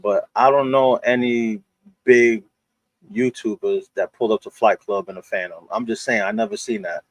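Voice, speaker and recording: A man from New York hosting a casual chat and telling stories in a laid-back way, quick to laugh. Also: on the low side, steady tone, dry recording. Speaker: podcast host.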